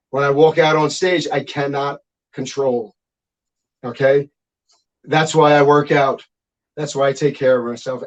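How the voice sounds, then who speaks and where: A middle-aged man, a guest musician, telling stories in a casual, profane, animated interview chat. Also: mid-range voice, highs cut off.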